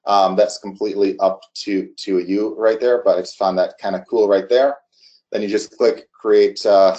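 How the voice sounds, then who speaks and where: Mellow-voiced man demoing software. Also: fairly low pitch. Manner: halting, many restarts and fillers. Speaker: software demo presenter. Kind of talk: casual screen-share walkthrough.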